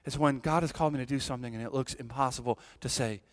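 A man's voice: mid-range voice, fairly even intonation, quick pace. A man around forty preaching a sermon as senior pastor, earnest, with frequent restarts and repeated words, often asking the congregation "right?".

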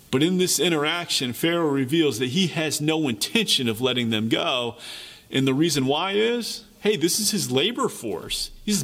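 A man preaching a sermon, reading scripture and then retelling the story in a lively, conversational way. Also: fairly high pitch, measured pace. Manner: animated storytelling, paraphrases characters in lively voices. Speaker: pastor.

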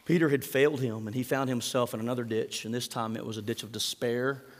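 A man preaching a sermon, retelling scripture in lively storytelling and acting out the quoted lines with rising intensity. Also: fast. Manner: animated storytelling, acts out quoted lines with rising pitch and volume. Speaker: pastor. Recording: hall reverb.

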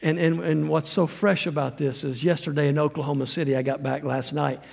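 His voice runs on the high side, gravelly and level, at a fairly quick pace as this middle-aged missionary preaches as a guest in a church sanctuary. He rambles in a folksy manner and jokes at his own expense, all under the long reverb of the hall.

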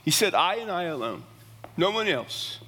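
A middle-aged pastor preaches with earnest emphasis, his fairly high voice stumbling through restarts as he drives each point home. His words ring out with a long reverb from the church sanctuary around him. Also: sing-song, normal speed, bright, forceful tone. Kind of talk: sermon.

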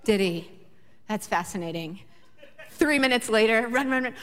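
A woman's voice: a little high, lively intonation, moderate pace, a bit bright, smooth. A woman in her thirties preaching a sermon, building emphatic repeated lines and shifting into chatty stories about her children. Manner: emphatic repetition, rising passion. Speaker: pastor. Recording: long reverb of a large hall.

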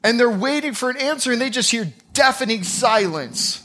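Bright, high-voiced male pastor preaching. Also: lively intonation, moderate pace. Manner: dramatic storytelling, acting out scenes. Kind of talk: sermon.

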